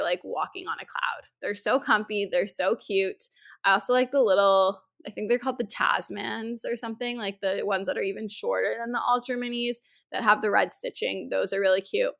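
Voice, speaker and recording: A young Canadian woman hosts her podcast in a chatty, bubbly way, full of little "like"s. Her voice is a bit hoarse from a cold, and it sits at an ordinary middle pitch. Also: bright, forceful tone. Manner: chatty and enthusiastic, many fillers like "like". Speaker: podcast host. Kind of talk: casual podcast chat.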